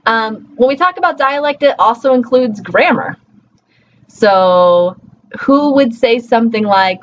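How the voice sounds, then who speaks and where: A woman's voice: a little high, expressive, measured pace. Woman lecturer, informal and chatty, slightly dull recording with faint hum. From Colorado, USA. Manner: conversational, many fillers and checks like "right?". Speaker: linguistics teacher.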